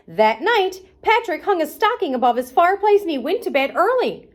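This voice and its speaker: A woman's voice: extremely high pitch, big pitch swings, fairly quick. A woman hosting a children's arts and crafts show, reading a storybook aloud in a playful, sing-song way and talking to the kids directly.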